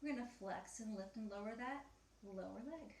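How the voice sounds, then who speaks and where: A woman's voice: mid-range voice, moderate pace, darkish tone. A woman teaching a beginner Pilates mat class at home, slightly out of breath, cueing moves and counting reps in an encouraging, chatty way. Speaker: Pilates instructor. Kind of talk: guided mat workout cueing. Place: home room. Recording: echoey room, faint ambient noise.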